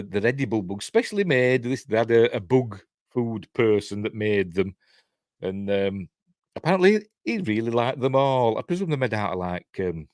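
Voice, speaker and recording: A man's voice: on the low side, no echo, studio quality. A man with a Yorkshire accent giving a casual, rambling film commentary full of trivia asides. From Yorkshire, England. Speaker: film reviewer.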